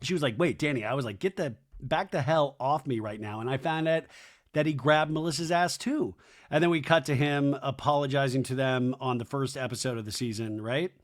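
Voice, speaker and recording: A man hosting a podcast, casually recapping a reality show and mocking its cast in exaggerated voices. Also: fairly quick. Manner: chatty, mimics cast members in high mocking voices. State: hiccups. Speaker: podcast host.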